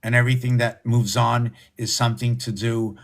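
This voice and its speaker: A man hosting a live stream, rambling excitedly and often slipping into a squeaky high falsetto. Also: moderate pace. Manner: excitable, exclaims and gasps. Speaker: livestream host.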